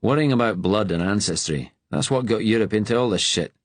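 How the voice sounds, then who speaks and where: A man's voice: on the low side, animated, fairly quick, no room sound, pitched above the performer's own voice. A man voicing Ben, a wry, joking Glaswegian resistance man with a Glasgow accent, read in a storybook audiobook. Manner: light, teasing.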